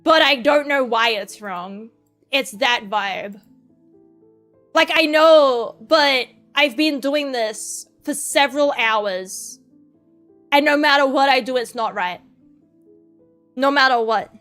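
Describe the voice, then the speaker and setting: Casting: young female streamer, high voice, slow unhurried delivery, rambling and self-deprecating. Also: a bit bright, faint music behind. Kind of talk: casual chat while drawing.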